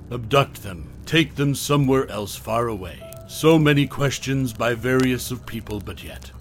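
A male narrator reads a scripted horror story in a soft, hushed voice. His lines often sink low and quiet at their ends, and his pitch sits in a middle range. Faint music plays underneath.

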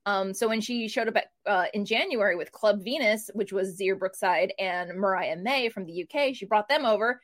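A woman's voice: medium pitch, normal speed, few pauses. Chatty woman co-hosting a wrestling preview. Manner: animated storytelling with fillers. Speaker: wrestling podcast co-host. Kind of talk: casual preview chat.

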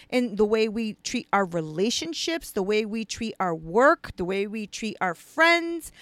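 A woman's voice: a little high, no room sound. A woman giving a casual devotional teaching, talking conversationally with lots of fillers and restarts. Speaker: speaker retelling a parable.

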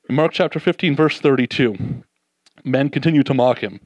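A man preaching a sermon, reading scripture and acting out the disciples' doubts in an animated way, then dropping soft and slow to reflect. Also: medium pitch, no echo, dull audio.

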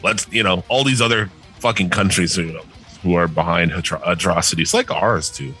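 A man with a deep, bright voice co-hosts a podcast, talking loosely and sarcastically with plenty of swearing. Faint music sits in the background. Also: normal speed. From northern United States. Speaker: podcast co-host. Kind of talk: casual profane podcast chat.

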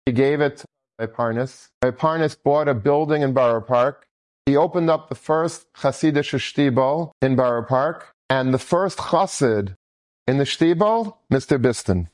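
Male storyteller, animated, enthusiastic, repetitive, mid pitch, dry close sound. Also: unhurried, no echo.

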